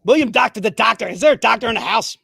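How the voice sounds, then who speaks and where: Hyped, high-voiced male live-stream host. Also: lively intonation, gravelly, bright, forceful tone, husky, no room sound. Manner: joking, hyped, rapid-fire salesman banter. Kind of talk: casual live-stream selling.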